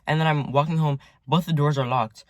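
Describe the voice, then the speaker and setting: A teenage vlogger rambles through a casual story for his viewers from his car parked at home, saying "like" a lot and swearing frequently. His male voice is a little high, steady in tone and fairly quick. It's a dry recording.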